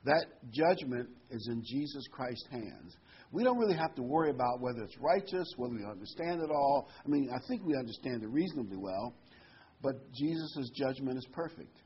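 A man's voice: mid-range voice, expressive, fairly quick, highs cut off, slight background noise. A man preaching a sermon verse by verse in a folksy, conversational way.

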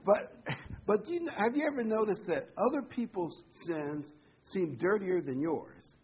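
A man's voice: high-pitched, lively intonation, moderate pace, slightly rough, dull audio. A man preaching a folksy, rambling sermon full of homely examples and corny jokes.

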